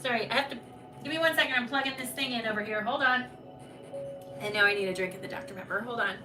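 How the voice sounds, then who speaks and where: A woman's voice: on the high side, quick pace, over music. A woman hosting a live oracle card reading stream, chatty and reassuring, talking to viewers by name. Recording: distant mic with background noise.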